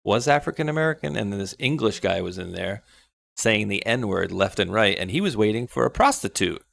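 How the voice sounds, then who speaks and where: A man's voice: on the low side, sing-song, brisk, gravelly, a bit bright. A man co-hosting a live talk show, telling long rambling anecdotes in a casual way. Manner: rambling anecdotes with self-interruptions. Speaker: co-host. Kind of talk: casual storytelling chat.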